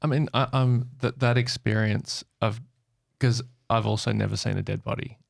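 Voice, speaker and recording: A man hosting a podcast interview, murmuring along softly and asking gentle questions. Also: on the low side, fairly even intonation, normal speed, creaky, dry recording, clean studio sound. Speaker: podcast host.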